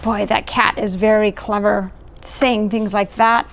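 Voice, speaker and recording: A woman's voice: medium pitch, flat delivery, measured pace, a little hiss or hum. A middle-aged woman reading a picture book aloud, stopping to point out the pictures and chat about the story. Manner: warm asides, pointing out pictures. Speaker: volunteer storyteller.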